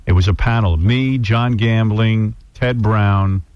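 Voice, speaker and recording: A man hosting a radio talk show, telling a story in a wry, animated way. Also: on the low side, a little slow, dry recording, muffled recording. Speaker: radio host. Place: radio studio.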